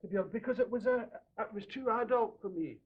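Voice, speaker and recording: A Glaswegian man reminiscing casually in an interview, telling animated stories and laughing often. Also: high-pitched, quick pace, slight background noise. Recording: dull lo-fi radio recording.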